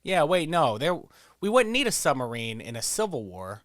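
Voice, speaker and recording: A man's voice: a little high, very animated, normal speed, a bit bright, no room sound. Man streaming a quiz game, swears a lot, jokes around, dry close sound. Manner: profane, joking, rambling storyteller. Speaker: gameplay streamer. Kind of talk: casual gameplay commentary.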